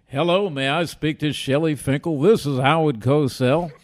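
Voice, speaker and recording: A man doing an impression of a brash, pompous male sportscaster, speaking emphatically and loudly. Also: a little high, normal speed, a little hiss or hum, lightly acted.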